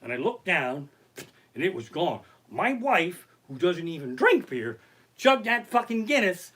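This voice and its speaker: Brief: high, bright-voiced man doing stand-up stories at home, swearing freely, very animated. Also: a little slow, breathy edge. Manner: profane, animated anecdotes. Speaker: comedian. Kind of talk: stand-up storytelling on a live stream. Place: his living room. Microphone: basic home setup.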